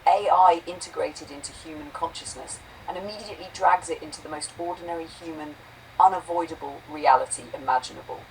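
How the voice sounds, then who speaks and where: A woman's voice: lowish voice, recorded from a distance, slight background noise, rough recording. A synthetic-sounding woman brainstorming comedy ideas in a conversational tone and reading quotation marks aloud. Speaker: AI conversation partner.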